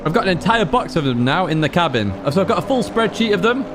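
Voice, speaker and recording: Man, chatty rambling streamer, lively voice, racing game engine noise behind. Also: high-pitched, fast talker. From Blackpool, England. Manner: chatty, rambling, reads out chat and laughs often. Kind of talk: casual livestream commentary.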